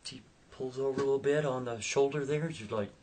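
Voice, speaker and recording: Husky-voiced man telling a folksy story. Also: mid-range voice, fairly quick, darkish tone. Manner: folksy, chatty asides to the listener. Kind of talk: casual spoken storytelling.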